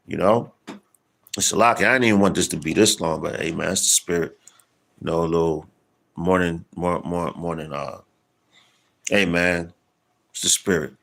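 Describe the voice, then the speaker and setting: Man, lowish voice, casual street sermon, slangy, profane, slows down for scripture. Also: gravelly, fairly bright tone. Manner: slangy and profane, reading verses slowly with emphasis. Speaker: preacher.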